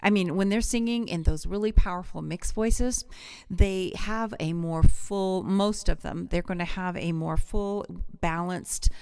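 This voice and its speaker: A woman's voice: lowish voice, measured pace, clear, resonant tone, no room sound. A middle-aged woman voice coach teaching a live singing lesson, chatty and enthusiastic, drifting off on little tangents. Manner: chatty, digressive, warmly enthusiastic.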